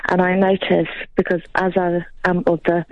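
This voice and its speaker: Radio caller, hesitant, shy, teasing, mid-pitched voice, muffled phone line. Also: monotone, moderate pace, dry recording.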